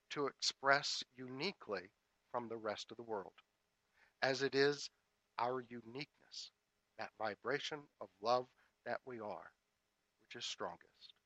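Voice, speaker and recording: Male minister, spiritual sermon, bright, forceful tone, dry close sound, measured repeating cadence. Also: medium pitch, no echo, low-quality recording. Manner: measured, repetitive incantatory cadence.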